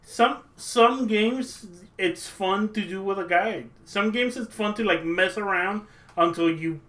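High bright-voiced guy rambling on a games podcast, lots of "like". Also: measured pace. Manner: rambling, teasing, says "like" often. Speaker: podcast co-host. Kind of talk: casual chat.

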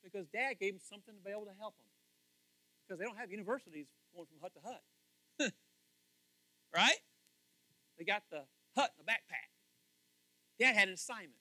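A man preaching a lively sermon, swinging from hushed asides to loud excited bursts and laughing often. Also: high voice, fairly quick, long pauses, no room sound. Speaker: pastor.

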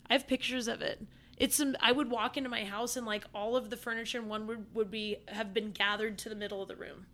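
A woman guest on a podcast telling a story in casual chat, animated and profane, with lots of fillers. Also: a little high, quick pace.

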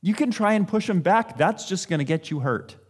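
This pastor has a high voice with lively intonation and a breathy edge, and he speaks briskly. His sermon is conversational and self-deprecating, and he acts out what people say.

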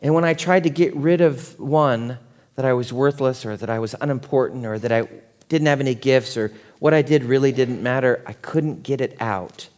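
A man in his forties, a pastor preaching a conversational sermon that swings from quiet and tender to loud and excited. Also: medium pitch, normal speed. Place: church sanctuary. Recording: long hall reverb.

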